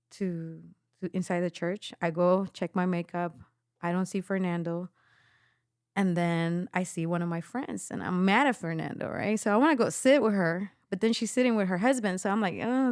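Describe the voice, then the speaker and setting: A woman's voice: on the low side, moderate pace, dry recording, clean studio sound. A young adult woman giving an emotional personal testimony as a podcast guest, acting out the voices of the people in her story. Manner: animated storytelling, acts out quoted voices.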